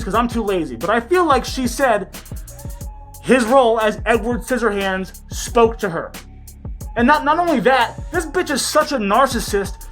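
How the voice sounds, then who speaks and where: Commentary vlogger: woman, loud and profane, sarcastic, mask-muffled, pitched above average. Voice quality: slightly muffled by a face mask. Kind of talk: ranting commentary.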